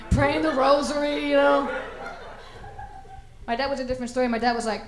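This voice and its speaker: A woman doing a stand-up comedy set with an animated, punchy delivery. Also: fairly high pitch, quick pace. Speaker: stand-up comic. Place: comedy club stage. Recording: echoey comedy club.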